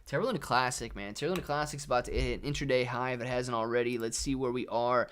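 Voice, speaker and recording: A man's voice: medium pitch, fast, fairly bright tone, a little hiss or hum. Male livestream host, easygoing and chatty, reads chat aloud between casual market talk. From Ohio, USA. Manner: laid-back, reads chat aloud, calls viewers man and dude.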